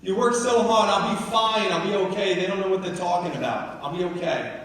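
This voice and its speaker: A brash, scolding older mother with a New York accent, as a man puts her on. She is pitched well above his own voice and talks in an insistent, dismissive way. The voice rings through a big reverberant hall and sounds distant from the mic. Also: fairly quick, a bit bright. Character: stubborn older mother, brushing off worry. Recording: echoey hall, from far off.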